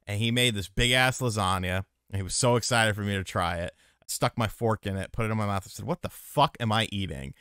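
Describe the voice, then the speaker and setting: A man's voice: on the low side, fast, few pauses, clean tone, dry recording, studio quality. A man co-hosting a podcast, chatting casually and telling stories with lots of swearing. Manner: profane, animated storytelling. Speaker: podcast co-host. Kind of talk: casual chat.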